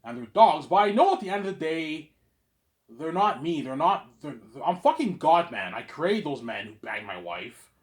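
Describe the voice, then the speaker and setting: A man rambling in a monologue to his audience, boastful and repetitive, tagging his lines with "obviously" and dropping from loud claims to mumbled asides. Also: a little high, very animated, moderate pace. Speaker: vlogger.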